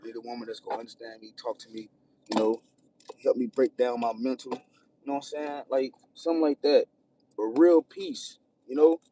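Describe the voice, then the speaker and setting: A man livestreaming, venting about his troubles while near tears, rambling and repeating himself, swinging from loud outbursts to hushed, almost whispered lines. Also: medium pitch, level tone, fast talker. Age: adult with children. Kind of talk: emotional personal venting. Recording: distant mic, faint room noise.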